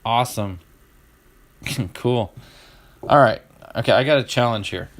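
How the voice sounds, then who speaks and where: A middle-aged man hosting a casual stream, opening card packs and chatting with viewers, getting excited over each card. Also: medium pitch, measured pace. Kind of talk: casual live-stream chat.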